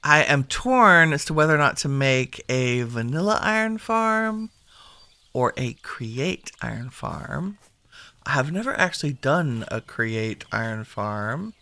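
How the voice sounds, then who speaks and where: Gravelly-voiced man thinking aloud. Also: mid-range voice, animated, measured pace, pushed and bright, dry recording. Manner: chatty, thinks aloud to himself while sorting. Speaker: gaming video host. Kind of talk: casual gameplay commentary.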